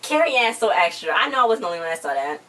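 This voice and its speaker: A woman's voice: on the low side, very animated, very fast, bright, forceful tone, poor audio. Gossipy woman recapping a dance show. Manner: chatty, gossipy, acts out what others said. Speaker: recap vlogger. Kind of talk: casual chat.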